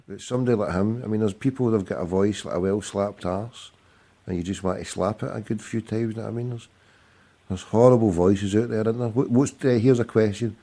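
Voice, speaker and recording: A man with a low, mellow voice hosts an internet radio chat. He talks bluntly and swears all the time, needling his guest as he goes. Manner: swears constantly, teasing and blunt. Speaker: radio show host. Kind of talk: casual chat.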